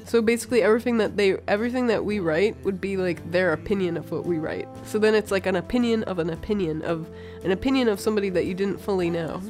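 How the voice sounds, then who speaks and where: A woman chatting casually on a podcast, rambling through her ideas with frequent giggles and fillers. Her voice sits in a middle pitch, with faint music behind her. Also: fast, hardly any pauses, a little mellow.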